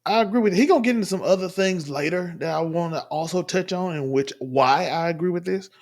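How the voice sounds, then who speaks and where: A man's voice: high voice, brisk, a little mellow. A man from the Southern US giving rambling, emphatic casual commentary while reacting to a clip at home. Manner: rambling, emphatic, restarts often. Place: home room.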